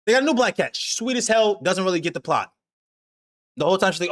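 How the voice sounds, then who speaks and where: High, lively young man recapping anime. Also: quick pace. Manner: animated, slangy storytelling with swearing and laughs. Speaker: anime discussion host. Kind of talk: casual chat, recapping an anime.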